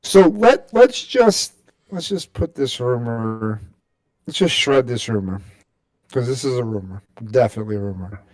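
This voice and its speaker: A man's voice: medium pitch, animated, normal speed, a little mellow, no room sound. A man co-hosting a sports podcast, chatting casually and rambling with lots of fillers and restarts. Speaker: podcast co-host.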